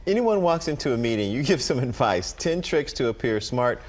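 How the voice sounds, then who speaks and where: A talk show host interviewing a guest, laughing easily and asking questions in an animated way. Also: mid-range voice, brisk.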